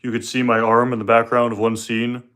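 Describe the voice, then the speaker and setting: A man's voice: medium pitch, monotone, a little fast, a bit bright, smooth. A young man hosting a casual live question-and-answer stream from home, joking and tripping over his words, talking into a phone on a tripod. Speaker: livestream host.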